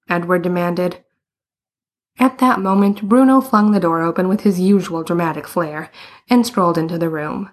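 A woman narrates a story in an even, scripted read. Her voice sits a little low and has a husky, breathy grain. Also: measured pace. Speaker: audiobook narrator.

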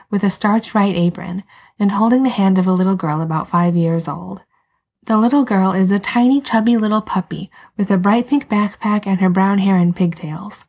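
Soft breathy woman narrating a story. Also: lowish voice. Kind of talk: scripted narration.

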